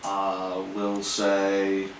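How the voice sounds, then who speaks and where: A man's voice: deep voice, completely flat delivery, very slow. Hesitant man playing a tabletop game, distant. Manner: hesitant, many fillers. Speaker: player. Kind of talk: casual tabletop play chat. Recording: echoey room, far from the mic, noisy.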